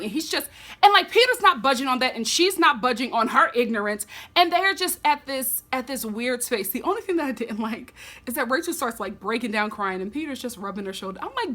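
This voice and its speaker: A woman recapping a reality TV episode in a sassy, animated way, talking straight to her viewers. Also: fairly high pitch, brisk. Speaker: TV recap vlogger.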